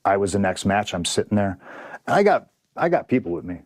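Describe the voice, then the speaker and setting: A man's voice: on the low side, big pitch swings, fairly quick, no room sound, clean studio sound. A man in a casual podcast interview, telling a story in a profane, vivid way and acting out what others said. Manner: profane, vivid, acts out dialogue. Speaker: podcast guest, pro wrestler.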